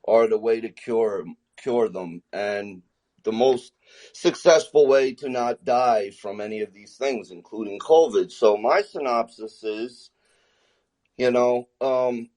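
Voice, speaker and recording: A man's voice: medium pitch, darkish tone. A man with a New York accent who talks emphatically and restarts often while giving his opinions in a casual online group discussion. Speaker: caller.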